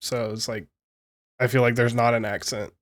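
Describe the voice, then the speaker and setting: A man in an easygoing podcast chat who talks in loose, wandering sentences. He swears freely and leans on filler words. His pitch sits right in the middle for a man. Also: flat delivery, normal speed. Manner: rambling, filler-heavy, swearing, laughing. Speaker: podcast co-host.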